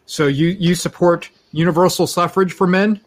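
Stuffy formal detective guy, a man putting him on, fancy old-timey talk, kinda high voice. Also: steady tone, normal speed, lightly acted. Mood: haughty. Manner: stiff, old-fashioned, flowery. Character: pompous formal male detective pursuing outlaws.

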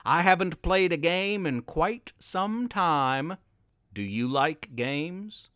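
A man doing a slow, menacing cave monster. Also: on the high side, lively intonation, fairly bright tone, clear, resonant tone, dry recording, clean studio sound.

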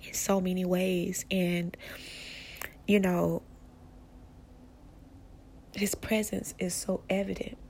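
A woman hosting a casual spiritual podcast, speaking softly and often slipping into a whisper, rambling with restarts. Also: on the low side, flat delivery, slow pace, pauses often, a little hiss or hum. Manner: soft-spoken, often drifting into a whisper. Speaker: podcast host.

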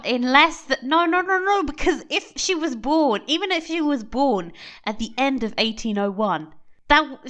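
A woman co-hosting a casual podcast chat, animated and exasperated, laughing often. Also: fairly high pitch. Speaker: podcast co-host.

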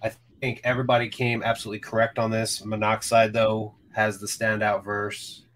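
A man's voice: on the low side, completely flat delivery, normal speed, background noise. A man co-hosting a podcast, chatting casually about albums, enthusiastic and swearing freely, often trailing off. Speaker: podcast co-host. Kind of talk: casual chat reviewing music.

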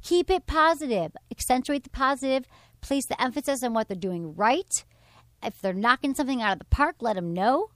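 A woman's voice: sits high, normal speed, no echo. A woman hosting a sex and dating advice talk show, speaking frankly and with animation. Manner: frank, animated, reads from her blog. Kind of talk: casual advice chat.

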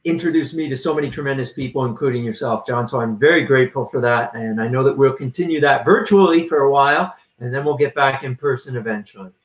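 A man speaking as an author guest on a video call, gracious and measured. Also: medium pitch. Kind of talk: casual interview chat. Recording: roomy video-call audio.

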